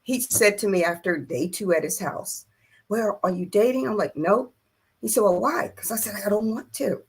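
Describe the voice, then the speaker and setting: An older woman appears as a guest on an interview show, animatedly telling a personal story and acting out other people's lines with laughter and emphasis. Her voice is mid-range and slightly rough, delivered at a normal speed.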